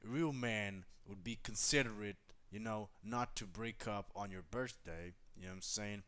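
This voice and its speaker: A man's voice: on the low side, normal speed, fairly bright tone, clear, resonant tone. A man chatting casually on a live stream, giving blunt, profane, reassuring relationship advice straight to a viewer.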